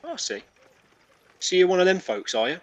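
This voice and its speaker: A man voicing a big, gruff male goat-man blacksmith in a tabletop game. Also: high-pitched, lively intonation, normal speed, pitched above the performer's own voice. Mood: touchy.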